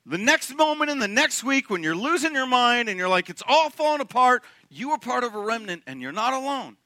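A young man preaching a sermon to his congregation, animated and joking, often asking the room questions. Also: very high-pitched, a little fast, dry recording. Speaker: pastor. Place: church sanctuary.

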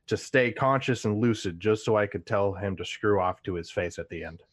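A man playing a tabletop game, speaking with a grim, flat delivery. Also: on the low side, normal speed, no echo, clean studio sound. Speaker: player. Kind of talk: tabletop role-play.

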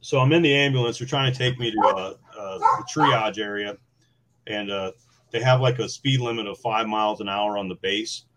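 A man's voice: lowish voice, normal speed, a little hiss or hum. A former Marine recounting his experiences in a casual podcast conversation, laughing and leaning on fillers as he goes. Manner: animated, laughing, many fillers. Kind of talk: casual storytelling.

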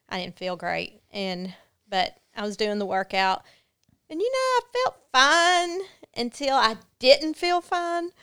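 A woman speaks as a podcast guest with a strikingly clean, clear voice at an ordinary pitch. She tells her story earnestly and candidly, pausing on fillers as she goes. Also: a bit bright. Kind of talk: personal storytelling in a podcast interview.

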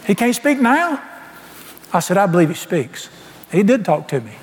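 A man preaching in a church, telling his story in a folksy way and acting out every exchange. His voice sits high and swings widely in pitch. The sound rings with the long reverb of a church hall. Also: moderate pace. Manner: folksy, animated storytelling, acts out dialogue. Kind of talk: storytelling sermon.

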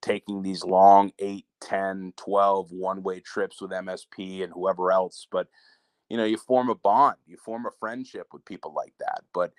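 A man's voice: low voice, fairly even intonation, moderate pace, dry recording. A man co-hosting a wrestling preview show, talking candidly and with heat, sometimes swearing. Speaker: wrestling promotion co-host. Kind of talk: casual podcast chat.

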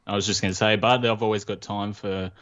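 Male podcast guest, deep monotone voice, rambling fillers, muffled lo-fi sound. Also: fast talker. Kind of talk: casual podcast chat. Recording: dull lo-fi line.

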